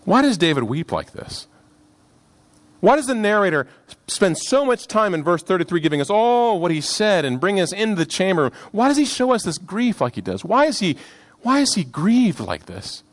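A man whose voice sits high preaches on a passage of scripture. He is earnest and expressive, swelling for emphasis and then slowing into hushed tones.

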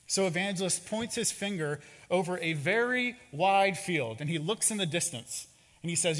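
A man who is a pastor, preaching a sermon with expressive, dramatic storytelling in a church sanctuary. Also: sits high, normal speed. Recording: reverberant hall.

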